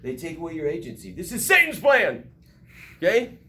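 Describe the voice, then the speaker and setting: A man's voice: a little high, wildly swooping pitch, normal speed, pushed and bright, echoey room. A middle-aged man teaching a math class, emphatic and joking, recorded from far off in a classroom. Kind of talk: classroom lecture.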